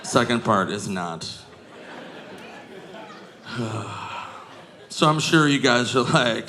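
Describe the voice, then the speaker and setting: A man in his forties doing stand-up, telling stories in an animated way that jumps into loud shouts on a comedy stage. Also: medium pitch, drawn-out words, pauses often, a crowd in the background. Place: comedy stage before a live audience. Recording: live comedy club, audience noise.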